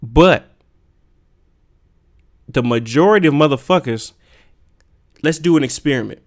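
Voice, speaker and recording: A man with a slightly high-pitched voice rants on his podcast. He is heated and swears constantly, firing off emphatic rhetorical questions in a casual, unscripted monologue. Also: animated, measured pace. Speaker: podcast host.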